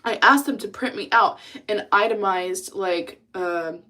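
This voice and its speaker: A woman's voice: mid-range voice, measured pace, pushed and bright. Casting: young adult woman, casual livestreamer, chatty and profane, reacting to chat. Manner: chatty, swears freely, vents and answers chat.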